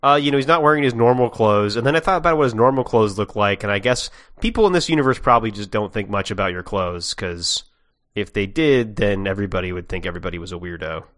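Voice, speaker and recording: A man's voice: lowish voice, lively intonation, fast talker, fairly bright tone. A man co-hosting a podcast, chiming in with dry, short wry remarks in casual chat. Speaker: podcast co-host.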